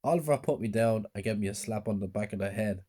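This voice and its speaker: A man's voice: lowish voice, fast, mellow, slightly rough. A man narrating a horror story in a subdued, plain storytelling way.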